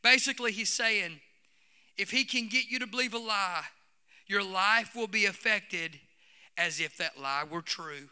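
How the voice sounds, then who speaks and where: A man preaching a fervent sermon as pastor, his voice swelling toward shouts. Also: sits high, unhurried, clear, resonant tone. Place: church sanctuary. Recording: long reverb of a church hall.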